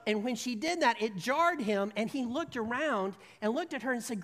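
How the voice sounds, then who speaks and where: A woman's voice: on the high side, expressive, unhurried, a bit bright. A woman preaching a sermon in a church, telling stories in a chatty, humorous way before turning earnest. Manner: conversational storytelling, humorous then earnest. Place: church sanctuary. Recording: long reverb of a large hall.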